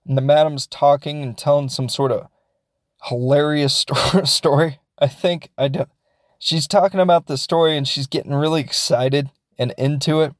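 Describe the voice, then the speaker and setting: A man's voice: a little high, fairly even intonation, normal speed, no echo, studio quality. Rambling, jokey man recapping a film. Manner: rambling, jokey, acts out characters. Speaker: film reviewer.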